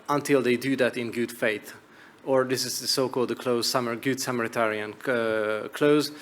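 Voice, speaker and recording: A man with a Hungarian accent, a media regulator giving a conference presentation in a hall, pausing often on fillers as he speaks in English. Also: mid-range voice, fairly bright tone. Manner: hesitant, frequent uh fillers.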